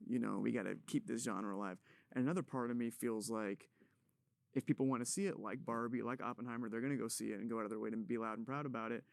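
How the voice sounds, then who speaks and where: Man, interview guest, gravelly, dry close sound, self-mocking laughs. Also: medium pitch, fast, no echo. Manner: laughs at himself while talking. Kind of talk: casual interview talk.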